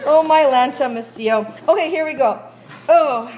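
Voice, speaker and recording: A woman's voice: high voice, lively intonation, moderate pace, a little mellow. A woman teacher leading a baking demonstration in a school classroom kitchen, chatty and often checking that her students follow, recorded on a phone. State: out of breath while rolling dough.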